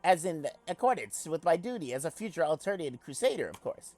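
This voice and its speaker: A man's voice: a little high, big pitch swings, brisk, a little mellow, no echo, soft background music. A man voicing a bombastic, space-obsessed male alien tinkerer in an old-timey newsreel announcer style, with grandiose, flowery phrasing.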